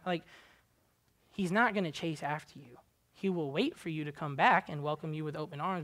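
A man preaching a conversational sermon, casual and chatty with many "like" fillers, swinging between quiet asides and loud, high exhortation.

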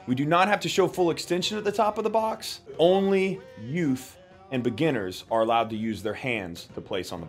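A man coach explaining workout standards for a fitness competition in a steady, instructional way. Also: on the high side.

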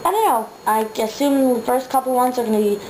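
A woman's voice: on the high side, lively intonation, fast, a little mellow, slight background noise, rough recording. A nineteen-year-old woman rambling through a casual video diary at home, swearing freely and wandering off on tangents. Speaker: vlogger. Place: home, indoors.

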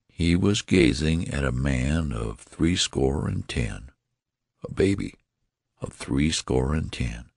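Very deep, gravelly male narrator. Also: a little mellow, no room sound, clean studio sound. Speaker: audiobook narrator. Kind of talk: scripted narration.

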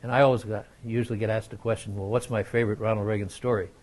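An older man giving a lecture, telling an anecdote in a measured way with frequent pauses and fillers. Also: on the low side, little pitch movement, a little mellow. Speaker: guest lecturer.

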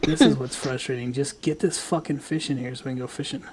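A man's voice: medium pitch, fairly even intonation, fast, a little mellow, slight background noise. A man streaming a fishing game, chatting casually, joking and swearing freely. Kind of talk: casual live-stream chat.

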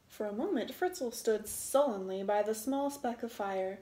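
A woman reading a storybook aloud in an expressive way, relishing the sound words. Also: mid-range voice, measured pace, hardly any pauses, reverberant.

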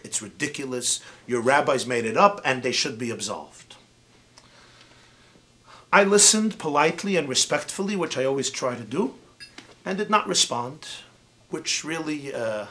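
Animated, bright-voiced rabbi telling a story. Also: male voice, mid-range voice. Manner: animated and theatrical, acts out dialogue. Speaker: rabbi and lecturer. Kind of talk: storytelling lecture. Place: university lecture event.

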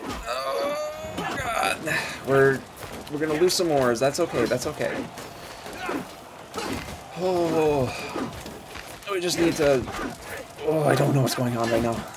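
Excitable man streaming a strategy game, gravelly. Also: a little high, slow, pauses often, noisy background. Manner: excitable, talks to himself and chat, frantic urging. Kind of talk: live strategy game commentary.

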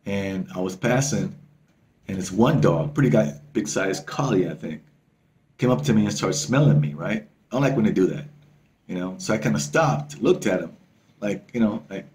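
A man's voice: fairly low pitch, normal speed, slight background noise. Man telling a story casually to camera. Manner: excitable, swears freely, repeats himself. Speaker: travel vlogger.

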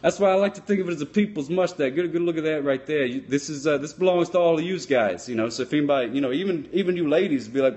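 A dim, cheerful sock puppet cop, voiced by a man, rambles through improvised comedy in a folksy, deadpan drawl. He mangles his words as he goes. His voice sits a bit high for a man. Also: fast talker. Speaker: sock puppet comedian answering live chat.

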